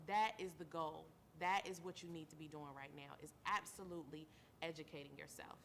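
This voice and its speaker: A woman's voice: sits low, fairly even intonation, a little fast, creaky, fairly bright tone, a little hiss or hum. A tired mother hosting her own show, giving an earnest monologue that repeats phrases for emphasis and calls listeners baby. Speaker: show host. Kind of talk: heartfelt talk-show monologue.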